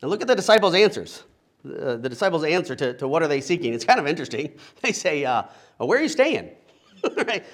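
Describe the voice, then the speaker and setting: A middle-aged man preaching in an easy, conversational way, his voice sitting a little higher than most men's. He breaks up his teaching with playful asides and keeps checking in with a quick "right?" to his listeners. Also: sing-song. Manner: casual, humorous asides, frequent rhetorical "right?". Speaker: pastor. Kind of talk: conversational expository sermon.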